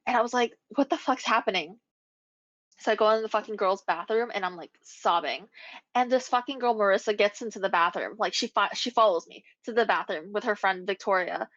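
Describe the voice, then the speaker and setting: A woman's voice: medium pitch, fairly quick, fairly bright tone, dry recording. Young woman telling a profane story. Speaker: podcast co-host. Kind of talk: casual chat. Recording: dull lo-fi recording.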